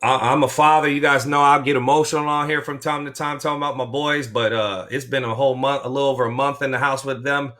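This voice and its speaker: A man's voice: mid-range voice, steady tone, fast talker, hardly any pauses, bright, forceful tone. A middle-aged man, a coach for veterans' claims, talking in a rambling, emotional way and cutting himself off mid-sentence. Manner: emotional, rambling, self-interrupting. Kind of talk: motivational vlog talk.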